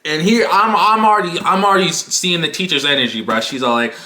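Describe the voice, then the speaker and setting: A young man rants through a comic storytime, animated and profane, with exaggerated emphasis. His voice is high and bright and leaps around in pitch. The sound bounces around an echoey room. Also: a little fast. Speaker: YouTuber. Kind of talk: comedic storytime rant.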